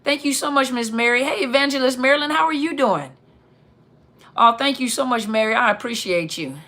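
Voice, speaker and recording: Upbeat woman greeting live-stream viewers. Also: bright, forceful tone. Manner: upbeat, chatty, reads out viewer comments with quick pitch jumps.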